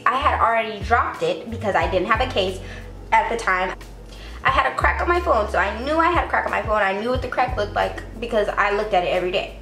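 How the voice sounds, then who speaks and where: A woman's voice: mid-range voice, pushed and bright. A young adult woman telling a casual storytime, chatty and repetitive, leaning on "like" as a filler. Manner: chatty, repeats herself, fills with "like". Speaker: vlogger. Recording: roomy echo, faint background music.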